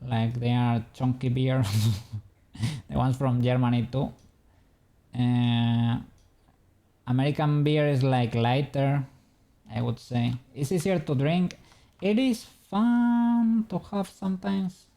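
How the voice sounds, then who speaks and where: Streamer, male, dark gravelly tone, rambling chat punctuated by chuckles. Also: medium pitch, steady tone, slow pace, long pauses. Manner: rambling, chuckling often, self-correcting. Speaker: livestreamer doing 3D modeling. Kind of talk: casual chat with viewers.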